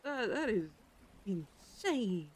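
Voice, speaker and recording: A livestreamer talking off the cuff with viewers in a loose, rambling way. The chat drifts between topics and is broken by sudden loud exclamations. The voice sits at a middle pitch. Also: very animated, slow pace, slightly rough. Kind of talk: casual chat with stream chat.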